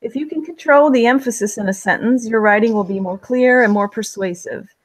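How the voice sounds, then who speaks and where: A woman narrating a writing lesson in a clear, measured way, reading examples aloud with the odd slip. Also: on the high side, no echo, low-quality recording. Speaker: writing instructor. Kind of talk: scripted instructional narration.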